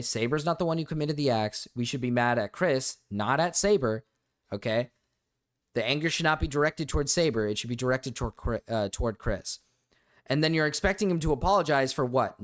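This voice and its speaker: A male streamer rants through a live reaction to online drama. He swears freely and often stops to restart his sentences. His voice sits at an ordinary middle pitch. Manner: heated, profane ranting with frequent restarts.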